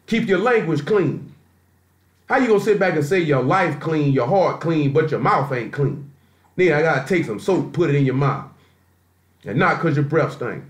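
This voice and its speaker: A man preaching a sermon in a blunt, colloquial, scolding way, weaving in scripture readings. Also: on the high side.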